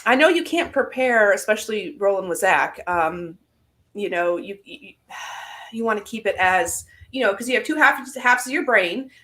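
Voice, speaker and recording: A woman's voice: mid-range voice, moderate pace. A woman hosting a casual interview, laughing along with her guest and asking long, winding questions with lots of fillers. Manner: relaxed, asks rambling questions with fillers. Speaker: host.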